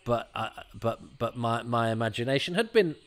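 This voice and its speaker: A man giving a chatty, rambling watch-along commentary on an episode, full of restarts and animated asides. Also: mid-range voice, normal speed.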